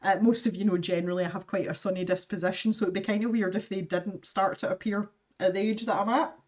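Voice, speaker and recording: A woman in her thirties talks casually as she draws on a livestream, rambling, self-deprecating and quick to laugh. Her voice is mid-pitched and sounds a little distant from the microphone. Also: steady tone, a little mellow. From Scotland. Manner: chatty, self-deprecating, laughs often, reads viewer comments aloud. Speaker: artist livestreaming her drawing. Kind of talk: casual livestream chat while drawing.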